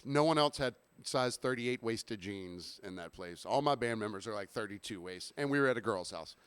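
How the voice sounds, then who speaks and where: A man's voice: fairly low pitch, lively intonation, normal speed, a bit bright, smooth, no room sound. A man co-hosting a podcast, telling a long story in a casual, laid-back way, with plenty of fillers and restarts. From Savannah, Georgia. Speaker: podcast co-host.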